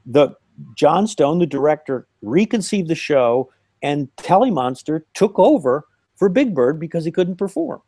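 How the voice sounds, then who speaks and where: A man's voice: a little high, measured pace, no room sound. An older man, a puppeteer guest, telling anecdotes in a casual interview over a remote call. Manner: animated anecdotal storytelling with laughs. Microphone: remote call line.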